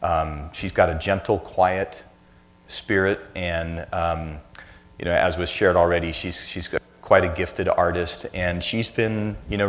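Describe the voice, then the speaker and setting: A man in his fifties with a notably low, deep voice addresses a congregation in a relaxed, conversational sermon. He weaves in self-deprecating family stories before turning to his teaching. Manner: anecdotal, self-deprecating storyteller. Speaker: church speaker.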